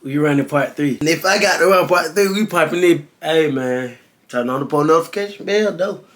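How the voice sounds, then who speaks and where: High, bright-voiced excitable man. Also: brisk. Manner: excitable, laughing, with sudden shouted exclamations. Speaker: host reacting to videos. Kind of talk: casual reaction commentary.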